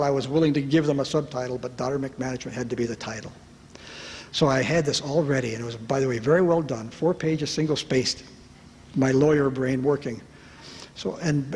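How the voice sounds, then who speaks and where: A man telling a personal story to an audience at a retreat, lively and self-mocking, acting out the voices of the people in it. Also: medium pitch, slightly rough. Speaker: speaker at a retreat. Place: large hall at a retreat. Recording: reverberant hall with faint background noise.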